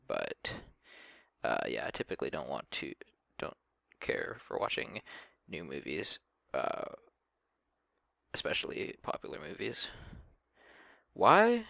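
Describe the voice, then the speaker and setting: Deep-voiced, hesitant man reacting. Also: huge pitch swings, slow pace, gravelly, pushed and bright, no room sound. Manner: hesitant, many ums and restarts. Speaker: reaction video host. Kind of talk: casual reaction commentary.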